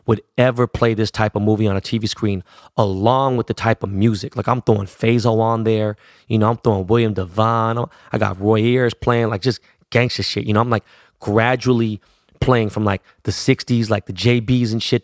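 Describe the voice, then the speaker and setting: A man from Los Angeles, a podcast host telling stories in a profane, slangy, animated way. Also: lowish voice, dry recording, clean studio sound. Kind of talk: casual storytelling.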